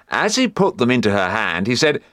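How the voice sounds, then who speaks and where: A man's voice: mid-range voice, very animated, moderate pace, a bit bright, no echo, clean studio sound. A man on a panel telling an amused anecdote, chatty, with hesitant fillers. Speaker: panel member.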